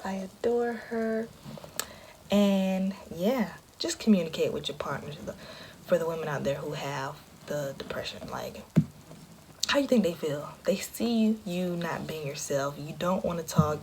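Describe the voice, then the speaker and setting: Low-voiced woman sharing candidly. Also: slight background noise. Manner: candid, conversational, drops into a hush often. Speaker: vlogger. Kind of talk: personal storytelling to camera.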